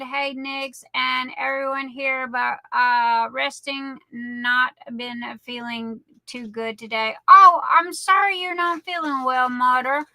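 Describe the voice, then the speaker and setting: A woman's voice: high voice, sharp tone, no echo, low-quality recording. A woman, hosting a live stream and greeting viewers by name in a chatty, affectionate, rambling way. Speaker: livestream host. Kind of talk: casual chat greeting viewers.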